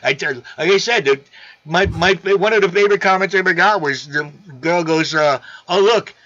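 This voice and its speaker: A gravelly man hosts a relaxed live stream, loose and excitable as he reads comments aloud. His voice sits a little high and sounds bright and forceful. The stream audio is dull and lo-fi. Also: normal speed. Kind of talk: casual live stream chat.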